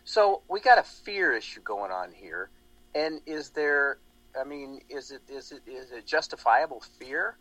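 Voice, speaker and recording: Male talk host, animated and rambling; husky, dry studio sound. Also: medium pitch, measured pace, no echo, poor audio. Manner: animated, rambling, lots of restarts. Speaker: radio show host. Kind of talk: casual political talk show chat.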